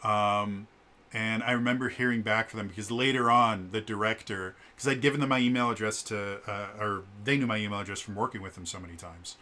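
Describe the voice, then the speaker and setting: A man telling a casual story in a vlog, animated and acting out the quoted lines, with fillers and stammered restarts. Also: a little fast. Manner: animated, acts out quoted lines with shifts in pitch. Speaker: vlogger.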